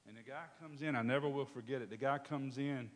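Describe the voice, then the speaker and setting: A man preaching a storytelling sermon, animated and calling out to his congregation. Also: mid-range voice, quick pace. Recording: long hall reverb.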